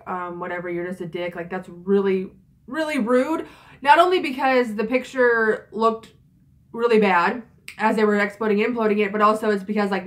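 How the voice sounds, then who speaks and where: A twenty-something woman vlogs a story with a chatty, blunt style, dropping swear words and plenty of fillers. Her voice is medium in pitch with a bit of brightness.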